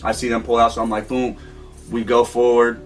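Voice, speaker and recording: Man, mid-pitched, casual slangy anecdote, acts out voices, music in background. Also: brisk, far from the mic. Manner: animated, acts out quotes, slangy. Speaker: interview guest. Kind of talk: casual storytelling.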